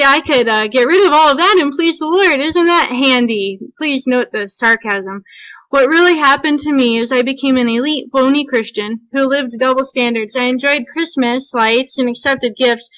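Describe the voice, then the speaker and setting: A woman's voice: a little high, fairly bright tone, dry recording, low-quality recording. A woman sharing a sincere, reflective Christmas testimony, reading it out with a touch of dry irony. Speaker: church member giving testimony. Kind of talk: read testimony.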